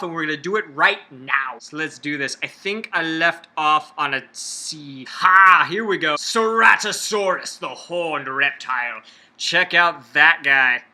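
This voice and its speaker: A man's voice: on the high side, sharp tone. A man talking in a casual, jokey vlog style on a laptop microphone at home, reading aloud and slipping into silly voices. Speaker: vlogger. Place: room at home by a window.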